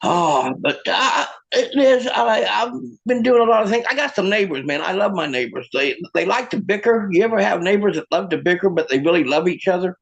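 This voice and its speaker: A man doing a stand-up comedy set, with deadpan one-liners and halting restarts. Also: high-pitched, gravelly.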